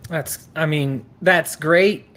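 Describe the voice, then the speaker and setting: A man's voice: a little high, slow, fairly bright tone. A man hosting an interview, earnest and rambling, with frequent restarts. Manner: earnest, rambling, often acts out quotes. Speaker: host.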